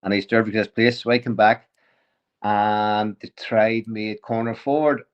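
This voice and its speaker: A man, a podcast guest telling a lively story, often chuckling and restarting sentences. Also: lowish voice, a little slow, muffled recording. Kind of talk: casual storytelling.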